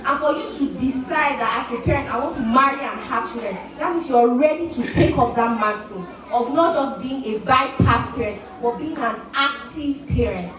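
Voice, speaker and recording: A fairly high-voiced young woman giving an earnest, preachy speech to parents at a graduation. She is heard through a loudspeaker from far off, with heavy echo and steady crowd noise behind her. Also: normal speed, few pauses. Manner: earnest, preachy, acts out parent and child quotes. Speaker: speaker at a school graduation. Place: outdoor or large hall ceremony. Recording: echoey PA from far off, noisy.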